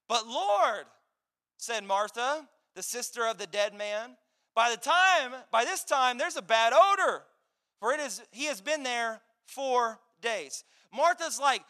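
A man delivers a sermon in a casual, conversational way, his voice high and very bright. He jumps between quiet asides and loud, emphatic bursts. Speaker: pastor.

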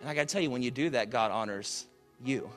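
A male pastor preaching a sermon to a live congregation, building to loud emphatic peaks and dropping low and quiet, with soft music behind. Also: fast. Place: church auditorium with live audience.

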